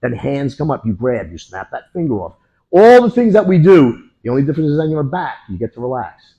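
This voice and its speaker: A man teaching a martial arts class, walking students through a technique and punctuating moves with "boom" and "bang.". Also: big pitch swings, fairly quick, dark tone, husky, lo-fi sound. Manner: punchy, with sound effects like boom and bang. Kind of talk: hands-on technique demonstration.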